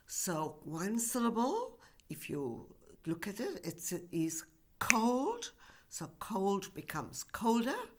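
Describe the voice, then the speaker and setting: A woman teaching English grammar in a recorded lesson, speaking carefully and stretching out example words. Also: on the low side. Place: university e-learning course.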